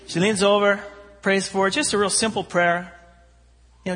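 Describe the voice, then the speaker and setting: A man preaching, telling a story with animated voices for its characters. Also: high-pitched, moderate pace. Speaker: pastor. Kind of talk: sermon storytelling. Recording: long hall reverb.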